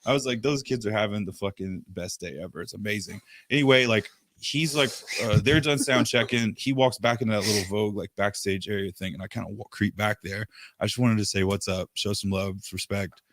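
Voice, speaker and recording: A man telling a long rambling story in casual podcast chat, swearing freely and dropping into quick impressions of the people he talks about. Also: fairly low pitch, a bit bright, no echo, studio quality. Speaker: podcast host.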